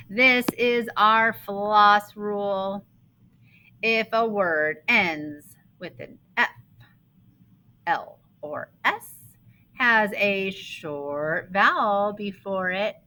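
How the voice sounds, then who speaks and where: A woman's voice: medium pitch, bright, forceful tone, rough recording. A woman teaching a phonics lesson to young children, patiently sounding out words and spelling rules.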